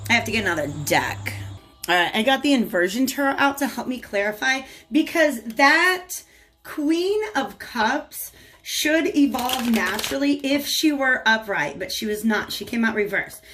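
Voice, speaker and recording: Woman, tarot reader, chatty and casual, fairly high voice, soft music behind. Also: expressive, unhurried. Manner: chatty, talks to viewers and the cards. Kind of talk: casual channeled tarot reading.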